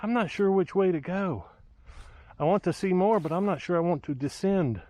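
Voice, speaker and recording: Strolling through lakeside woods with his camera, this man muses aloud in a high, slightly mellow voice at a moderate pace, using plenty of fillers. There's no room sound.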